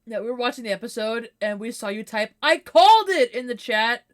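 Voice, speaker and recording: A woman on a podcast, chatting casually and relaxed, with some swearing. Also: on the high side, fast. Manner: relaxed, swears, laughs easily. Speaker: podcast guest. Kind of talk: casual recap chat.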